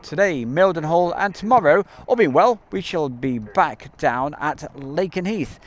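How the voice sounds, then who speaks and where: A man's voice: fairly high pitch, animated, a little slow. A man hosting a casual live stream outdoors near an airbase, chatting in a rambling way with many ums and uhs, recorded on a camcorder mic.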